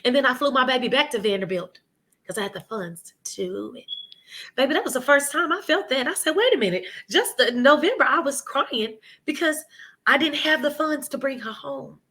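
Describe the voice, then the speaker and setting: A woman who owns a preschool speaks as a guest in a casual interview, her slightly high voice bright and forceful, with lively intonation and a brisk pace. She tells her story animatedly, often imitating the people she quotes, while children can be heard nearby at home.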